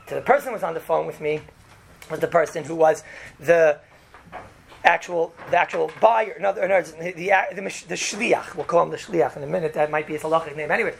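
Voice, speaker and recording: Gravelly man teaching religious law. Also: a little high, fairly bright tone, slight background noise. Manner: conversational, often asks "right?", acts out quotes. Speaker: Torah teacher. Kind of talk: informal religious law lesson.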